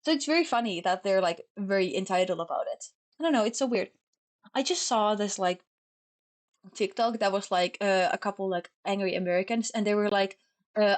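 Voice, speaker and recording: Young woman, Finnish accent, casual streamer chat, quick and sloppy delivery, mid-range voice. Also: medium pitch. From Finland. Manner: fast, sloppy talker who stumbles over words.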